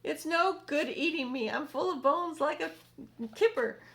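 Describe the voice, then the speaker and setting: Brief: woman voicing a shrill, whiny male centipede for a storybook; loud, high, panicky. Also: a little slow, vocal fry. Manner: shrill, wailing, pleading.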